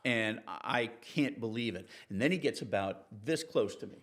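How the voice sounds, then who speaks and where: A man, a TV reporter and interview guest, telling anecdotes in a relaxed, animated way and acting out the people he quotes. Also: normal speed. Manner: animated, acts out quoted people with raised pitch. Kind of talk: conversational storytelling in an interview.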